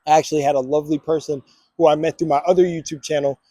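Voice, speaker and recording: A young man, pitched a little high, talks energetically into his phone about affirmations and belief. His voice has a mellow, dark warmth, and the sound is close and dry. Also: racing, dry recording. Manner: energetic, preachy, chanting affirmations. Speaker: vlogger. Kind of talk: casual motivational vlog with affirmations. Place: outdoors on a walk. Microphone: phone camera.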